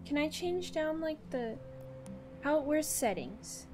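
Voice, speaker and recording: A flustered young woman talks casually through her first live stream, exasperated and often laughing. Her voice sits fairly high, and she drawls her words slowly. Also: lively intonation, music in the background.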